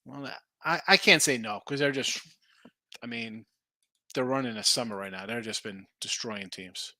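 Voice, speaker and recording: Animated man talking betting picks. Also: mid-range voice, normal speed, no echo. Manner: animated, rambling, thinks aloud over betting lines. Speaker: sports betting show host. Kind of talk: casual live-stream chat reading viewer picks.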